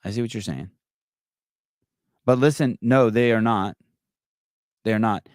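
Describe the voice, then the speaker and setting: A man's voice: on the low side, a little slow, a little mellow, smooth, dry recording, studio quality. Brash, profane male podcast host. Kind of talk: live call-in show chat.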